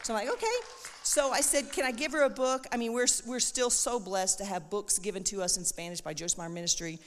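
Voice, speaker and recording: A middle-aged woman giving an animated church testimony, acting out the voices of the people she quotes. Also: medium pitch, brisk, slight background noise. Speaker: missionary speaker. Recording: echoey hall with long reverb.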